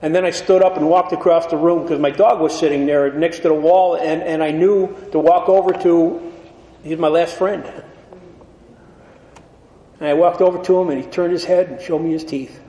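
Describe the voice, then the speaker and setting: A man's voice: fairly high pitch, steady tone, moderate pace, mellow. A man giving a wry, self-mocking storytelling share at a recovery meeting, acting out the dialogue as he goes. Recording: echoey hall with faint ambience.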